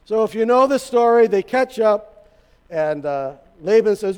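A man's voice: high-pitched, expressive, measured pace, clear, resonant tone. A male pastor preaching a sermon, retelling a story in a conversational way with touches of humor. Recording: reverberant hall.

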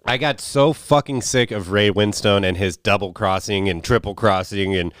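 A man's voice: on the low side, moderate pace, few pauses, a bit bright, clean tone, dry recording, studio quality. A man co-hosting a casual movie-review chat, blunt and profane, laughing often. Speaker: podcast co-host.

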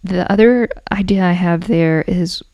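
A hoarse woman with a lowish, gravelly voice talks through a casual explainer, chatty and quick to correct herself. She sounds a bit out of breath. The recording is close and dry, with no room sound. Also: mellow, dry recording. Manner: chatty, self-correcting, with asides and laughs. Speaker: podcast host explaining folklore.

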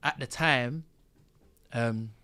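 A man's voice: mid-range voice, drawn-out words, pushed and bright. A man, a podcast guest telling a story in casual, slang-heavy chat and acting out the quotes.

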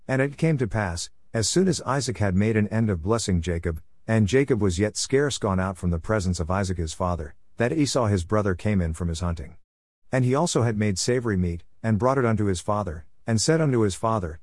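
A man reading scripture aloud, steady and measured. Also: lowish voice, no echo. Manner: steady measured reading with rising phrase openings. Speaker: scripture reader.

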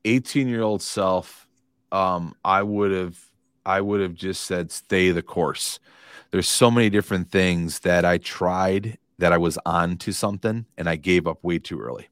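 Man, very deep voice, dry close sound, motivational, repetitive, podcast guest. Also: unhurried, fairly bright tone, clear, resonant tone, dry recording. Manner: earnest, motivational, repeats phrases. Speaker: podcast guest, real estate coach. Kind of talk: casual interview talk.

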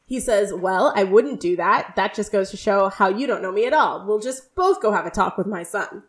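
Chatty young woman recapping a show. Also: mid-range voice. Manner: animated retelling, quick quoted dialogue. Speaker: podcast co-host. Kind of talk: casual recap chat.

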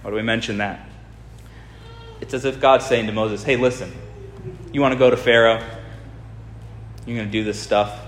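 A man preaching a sermon in a storytelling manner, speeding up and slowing right down for emphasis. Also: medium pitch, steady tone, slight background noise. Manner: storytelling, shifting between fast and drawn-out. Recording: echoey hall with long reverb.

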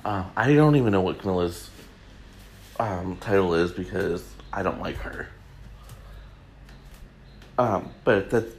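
A man hosts his own podcast, talking loosely and joking with plenty of ums and restarts. His voice sits on the low side. The chat is casual and wandering. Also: gravelly, a little hiss or hum. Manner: rambling, chatty, jokey, many fillers. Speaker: podcast host.

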